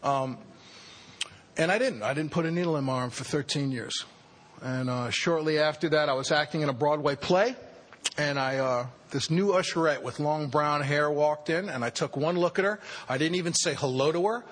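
A man in his fifties telling his recovery story, wry and self-deprecating, sometimes halting. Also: on the high side, a bit bright. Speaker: speaker sharing a recovery story. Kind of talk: personal storytelling talk.

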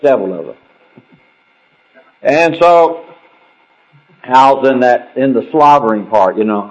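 A man shares his personal story at a recovery meeting, rambling in a conversational, wry way. His mid-range voice is expressive, slow and marked by long pauses, and the lo-fi recording sounds dull.

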